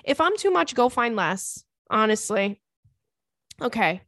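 A woman's voice: a little high, very animated, measured pace, a bit bright, dry recording, studio quality. A young woman hosting a podcast, chatting bluntly and swearing freely as she reads a listener's letter aloud. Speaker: podcast host. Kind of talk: casual podcast chat reading a listener letter.

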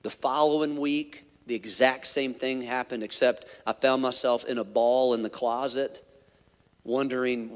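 A man's voice: mid-range voice, fairly even intonation, a little slow, long reverb tail. A man, a pastor, telling a personal story in a sermon, candid and conversational with many asides.

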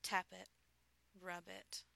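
A steady, coaxing man on a phone call, calm and in command, as a woman narrator puts him on. The voice sits low with a gravelly edge and a bright, forward tone. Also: slow pace, full character voice.

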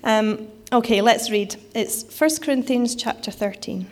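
A woman's voice: a little high, measured pace, few pauses. A woman giving a sermon in a conversational way, with frequent fillers and restarts. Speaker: preacher.

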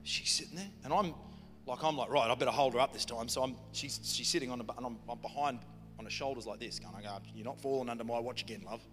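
New preacher telling a funny story. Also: male voice, medium pitch, fast talker. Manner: humorous storytelling, lively and conversational. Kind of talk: sermon. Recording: long hall reverb with music behind.

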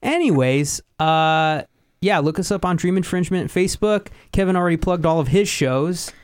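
A man co-hosting a podcast, chatting casually with a playful, deadpan teasing manner and frequent laughs. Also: sits high, moderate pace, smooth, no room sound, clean studio sound. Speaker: podcast co-host. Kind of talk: casual joking chat.

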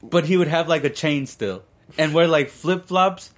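A man's voice: on the high side, normal speed. A young man co-hosting a podcast, telling a rambling story in casual, profane talk. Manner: profane, rambling, laid-back. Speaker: podcast co-host.

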